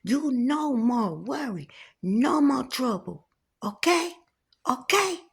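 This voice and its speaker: Woman doing a stern, slow-talking dream cook. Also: big pitch swings, vocal fry, husky, full character voice. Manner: slow, emphatic, high-pitched commands.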